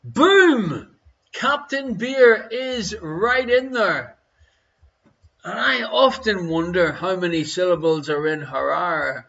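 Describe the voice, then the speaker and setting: Jokey quiz host. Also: male voice, high voice, slow, creaky, bright, forceful tone, highs cut off. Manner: jokey, chuckles between questions. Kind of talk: live-streamed quiz chat.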